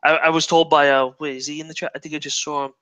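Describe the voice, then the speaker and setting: A man's voice: on the high side, little pitch movement, fast, bright, forceful tone, clean tone. A young man, a guest chatting casually, rambling and swearing freely. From New York. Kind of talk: casual chat.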